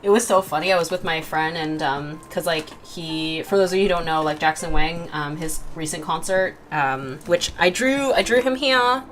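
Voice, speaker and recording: A woman's voice: low-pitched, normal speed, hardly any pauses, fairly bright tone, soft background music. A young woman hosting an art livestream, chatting casually and giggling, with lots of fillers while she draws. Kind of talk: casual chat while drawing.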